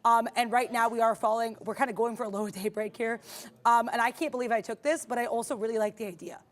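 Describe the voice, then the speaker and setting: A woman's voice: on the high side, steady tone, fast talker. A woman co-hosting a live trading stream, upbeat and chatty, often laughing as she talks through her trades. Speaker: day trader co-host.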